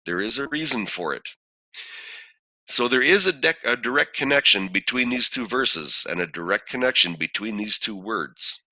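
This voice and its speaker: A man teaching a scripture study lesson, posing questions and reading verses aloud in a deliberate way. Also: medium pitch, animated, pushed and bright, no echo. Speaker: bible teacher.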